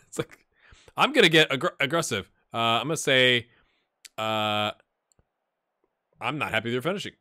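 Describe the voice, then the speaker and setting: A man hosting a gaming channel, giving excitable let's-play commentary, cheering on his players and thinking out loud. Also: mid-range voice, normal speed, pauses often, no room sound, clean studio sound. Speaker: video game channel host.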